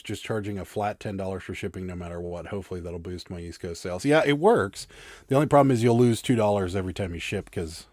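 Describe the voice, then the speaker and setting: A man's voice: lowish voice, mellow, no room sound, clean studio sound. A man co-hosting a live reselling stream, chatting loosely and greeting viewers by name. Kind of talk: casual live-stream chat.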